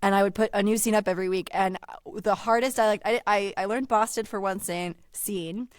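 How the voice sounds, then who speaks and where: A woman's voice: mid-range voice, fairly even intonation, fairly quick, no echo, clean studio sound. A woman voice actor talking casually as a guest in an interview, chatty and full of filler likes.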